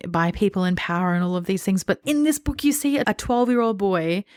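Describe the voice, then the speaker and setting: A woman's voice: medium pitch, brisk, darkish tone, dry recording, studio quality. A woman co-hosting a podcast in a casual book discussion, earnest and thoughtful, with plenty of fillers like "like" and "you know". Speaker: podcast co-host.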